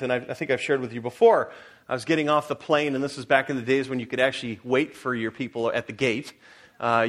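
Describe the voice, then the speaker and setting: This middle-aged pastor's voice sits on the high side as he preaches. He asks his listeners questions and alternates between loud appeals and soft, personal anecdotes.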